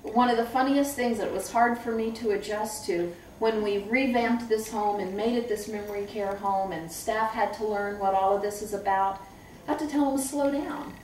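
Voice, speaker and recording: Woman, middle-aged, staff trainer, lively storyteller, far from the mic, roomy echo. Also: medium pitch, normal speed, slight background noise. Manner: lively storyteller who acts out quotes. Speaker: memory care home administrator and trainer. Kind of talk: staff training talk with stories. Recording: echoey room, far from the mic.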